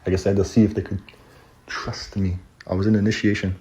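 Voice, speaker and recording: A man's voice: sits low, little pitch movement, fast talker, darkish tone. A man telling a personal story in a casual, rambling, slangy way, laughing at it now and then.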